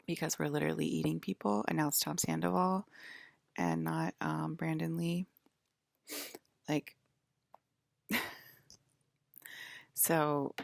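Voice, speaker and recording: A woman's voice: low voice, creaky, no echo. A woman in a rambling personal monologue, leaning heavily on "like" as she talks. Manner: rambling, heavy use of "like". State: close to tears.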